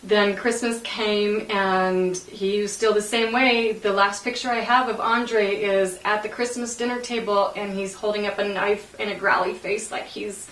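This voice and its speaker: A woman interviewee recalling a painful memory, halting and emotional, with many fillers and laughing through tears. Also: mid-range voice, fairly even intonation, fairly bright tone. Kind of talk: personal recollection in an interview. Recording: roomy, distant mic.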